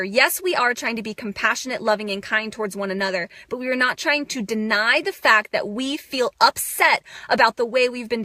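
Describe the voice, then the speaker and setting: Bright-voiced intense woman speaker. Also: fairly high pitch, no room sound, clean studio sound. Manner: raw, intense, swearing, bursts of laughter. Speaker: spiritual speaker. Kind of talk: emotional self-help monologue.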